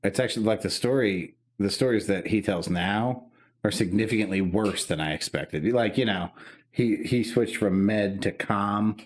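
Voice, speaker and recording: A man's voice: on the low side, normal speed. A man in his thirties co-hosting a podcast, telling an emotional story in casual, profane chat. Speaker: podcast co-host.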